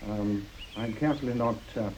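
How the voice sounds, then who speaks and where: An older man recounting a personal memory in an understated, halting way, with frequent pauses and fillers. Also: fairly low pitch, a little mellow, a little hiss or hum, rough recording. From Britain. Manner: understated, halting, with many uhs. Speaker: interviewee, war veteran. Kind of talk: personal recollection.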